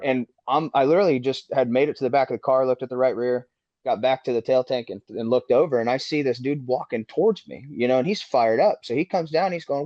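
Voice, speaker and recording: A man's voice: medium pitch, quick pace, darkish tone, dry recording. A man, a race car driver who is a podcast guest, telling a story casually with lots of swearing, and acting out heated quotes. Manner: profane, rambling, acts out heated quotes. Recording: dull dry lo-fi sound.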